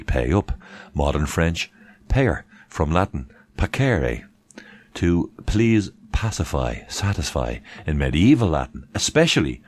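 Deep, chatty man hosting a live stream. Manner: chatty, rhetorical questions, thanks viewers by name. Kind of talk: casual live-stream talk reading chat.

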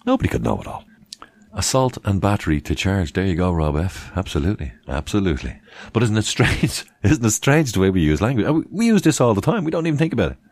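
Guy on a live stream, really deep voice, swings up and down a lot, dry close sound. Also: big pitch swings, fast talker, a little mellow, no room sound. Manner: chatty, rhetorical questions, thanks viewers by name. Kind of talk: casual live-stream talk reading chat.

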